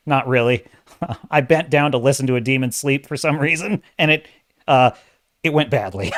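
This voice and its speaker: A man's voice: medium pitch, moderate pace. Rambling, laughing male livestream host. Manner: rambling, animated, laughs often, reads chat aloud. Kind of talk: casual livestream chat.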